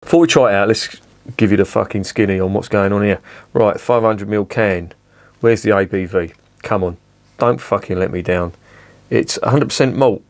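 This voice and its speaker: A man's voice: lowish voice, fairly even intonation, normal speed. A man reviewing a beer on camera, swearing often and grumbling sarcastically. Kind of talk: casual beer review vlog.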